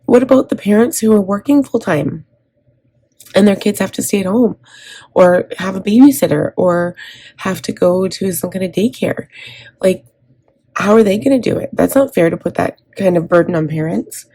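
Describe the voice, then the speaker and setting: A woman's voice: mid-range voice, moderate pace, warm tone, slightly rough. A woman from Canada in her thirties chatting casually as she plans and decorates her planner, rambling with frequent ums and restarts. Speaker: planner vlogger.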